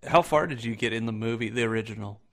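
A man co-hosting a podcast in casual chat, telling stories with lively energy, swearing freely and laughing loudly. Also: on the low side, fast talker. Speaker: podcast co-host.

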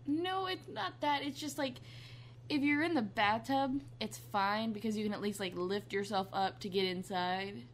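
Female co-host, casual and blunt, teasing banter, mid pitch. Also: moderate pace, a little hiss or hum. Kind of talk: casual chat.

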